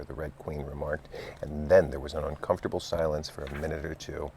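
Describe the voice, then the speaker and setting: A man reading a classic children's storybook aloud as an audiobook narrator, in a steady, measured way. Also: a bass voice, slight background noise.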